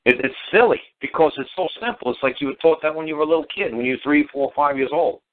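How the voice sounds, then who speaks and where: A man's voice: a little high, fast. A middle-aged man telling stories in a rambling, casual way, repeating words and acting out quoted dialogue. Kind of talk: casual storytelling talk. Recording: tinny phone-line sound.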